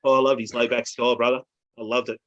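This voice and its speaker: Brief: Australian guy, mid-pitched, cheeky blunt podcast guest who swears a lot. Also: little pitch movement, fast, fairly bright tone, highs cut off. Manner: blunt, joking, swears freely. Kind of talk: casual podcast chat.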